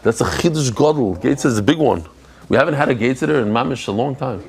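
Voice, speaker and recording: A man teaching a live Talmud class, animated and chatty, joking with his guests. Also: mid-range voice, quick pace, vocal fry, breathy edge.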